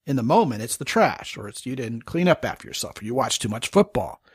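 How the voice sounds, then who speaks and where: A male podcast host talks frankly through relationship examples and stops to check what his guest means. His voice is mid-pitched and sits in a dry room with little echo. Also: very animated, fairly quick, breathy edge. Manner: frank, probing, lays out examples and checks understanding. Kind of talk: podcast interview.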